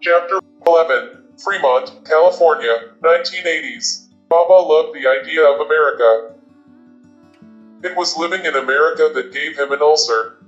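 A man reading a novel aloud as an audiobook narrator, with a steady, even storytelling delivery. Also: on the high side, moderate pace. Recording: roomy, dull lo-fi sound. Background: faint guitar music.

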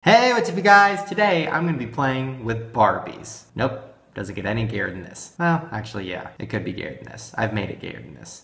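Crude, sarcastic young man, gravelly. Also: on the low side. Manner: crude, sarcastic, swings to loud shrieks. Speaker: gaming video host. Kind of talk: comedic game commentary. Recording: echoey room with music behind.

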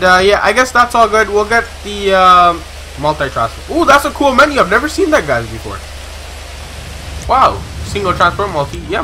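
High, bright, excitable young gamer guy. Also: a little hiss or hum, poor audio. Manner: excitable, exclaims loudly when startled; rambling, many filler pauses. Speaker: gaming channel host. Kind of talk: let's-play commentary with police radio role-play.

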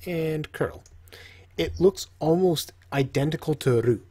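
A man's voice: on the high side, slow pace, mellow, breathy edge. A man casually teaching, joking and talking to himself while he draws. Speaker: language teacher. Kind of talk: casual tutorial while drawing.

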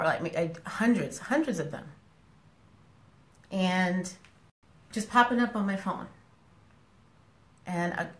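A social media personality, a woman with a lowish, slightly bright voice, talks casually and frankly to her followers on a live stream. The sound is roomy, and she scolds them affectionately while repeating herself.

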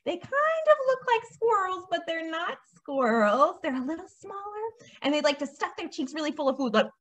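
A young woman, a children's librarian, leading a toddler storytime in an animated, sing-song way. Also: very high voice, normal speed. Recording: dull lo-fi sound.

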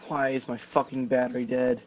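A man's voice: medium pitch, little pitch movement, fairly quick. A young man commenting on his gameplay, exasperated and swearing often. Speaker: gaming streamer. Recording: faint background noise.

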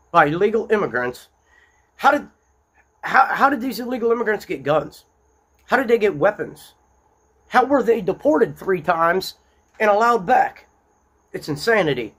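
A man's voice: high voice, fairly bright tone, husky. A man hosting an unscripted, angry political monologue, blunt and repetitive, speaking from his small-town home. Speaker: political commentary host.

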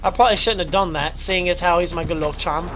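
A man's voice: sits high, fast talker, a bit bright, a little hiss or hum, low-quality recording. A young man chatting and swearing while streaming a horror game, his voice worn and his nose stuffy. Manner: chatty, yelps and swears at scares. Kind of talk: live gaming commentary.

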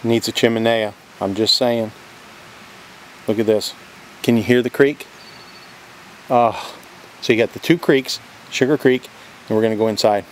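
A real estate vlogger gives a chatty, enthusiastic walking tour of a cabin by a creek, talking to the viewer as he moves from outdoors into the log cabin, where he drops into soft whispers. His voice is mid-range with fairly even intonation at a normal speed, and he pauses often. There's slight background noise.

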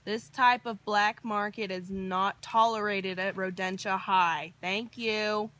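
A woman playing a stern announcer at a rodent high school, delivering notices in a slow, official tone. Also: steady tone, bright, forceful tone.

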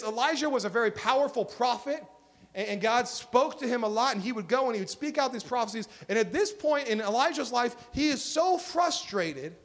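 A man with a high voice preaches to his congregation as their pastor. His delivery is earnest, pressing hard on key points and then dropping low and quiet. The sermon is given live in a church. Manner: earnest, swings from emphatic to hushed. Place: church sanctuary.

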